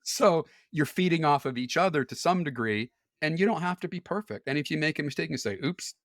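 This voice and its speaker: As a podcast guest, a man talks candidly in a casual conversation, explaining things frankly with occasional laughs. His voice is on the high side and a bit bright, with lively intonation and a fairly quick pace, captured in clean studio sound with no echo.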